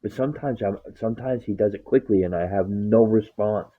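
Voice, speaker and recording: A fairly quick, fairly low-pitched male voice comes through with a tinny, phone-like quality. The speaker rambles in casual conversation about his dog, swearing a lot and dramatizing what he tells it, profane storytelling throughout.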